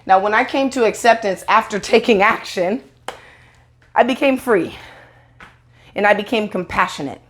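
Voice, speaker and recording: A woman's voice: medium pitch, normal speed, pauses often, fairly bright tone. A woman in a casual monologue to camera, blunt and profane, rambling with restarts and acting out quoted voices. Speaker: online video host.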